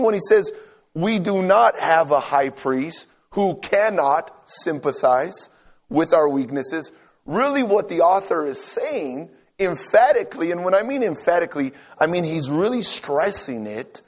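A man preaching a sermon, emphatic and repetitive, dropping to soft near-whispers on key phrases. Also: a little high.

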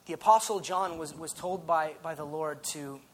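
A man preaching a sermon in an earnest, conversational way, dropping soft and then rising loud. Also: on the high side, normal speed. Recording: faint background noise.

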